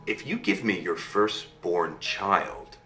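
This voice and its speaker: A man voicing a small, strange, scheming male imp in a low, hushed, sly tone while telling a fairy tale. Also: slow, echoey room, recorded from a distance, music in the background.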